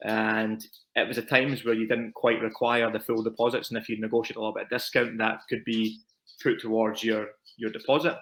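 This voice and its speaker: A man's voice: on the low side, flat delivery, slight background noise. A Scottish man in his thirties, a property investor guest telling his story casually in an interview, repeating words as he goes. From Scotland. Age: 30s. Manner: quick, rambling with repeated words.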